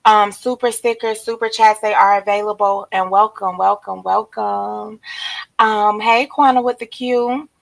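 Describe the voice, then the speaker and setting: A hoarse woman, chatting casually on a livestream and greeting viewers by name in a drawn-out, relaxed way. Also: mid-range voice, low-quality recording. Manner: relaxed, drawn-out shout-outs to commenters. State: hoarse, losing her voice. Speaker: livestream host. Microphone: streaming setup.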